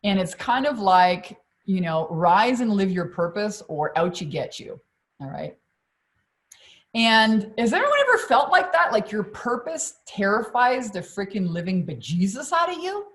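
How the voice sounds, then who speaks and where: A woman's voice: medium pitch, unhurried. A woman business coach on a live stream, talking energetically to her audience, swearing freely and often checking in with "okay?" and "you guys". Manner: energetic, profane, keeps addressing the audience.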